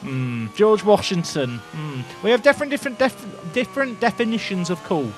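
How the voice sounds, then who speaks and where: A young man giving excitable, jokey commentary while playing a racing game, talking to his chat and shouting at his drivers. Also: high voice, normal speed, faint music behind. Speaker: gaming video creator. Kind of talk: casual gameplay commentary.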